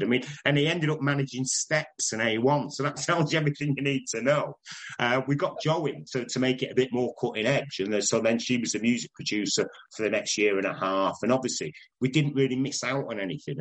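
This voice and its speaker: An older man with a Manchester accent, telling stories in a casual interview, chatty and quick to laugh. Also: lowish voice, low-quality recording. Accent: Northern English, Manchester. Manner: chatty anecdotal, laughs often, does voices in stories. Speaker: interviewee, broadcaster.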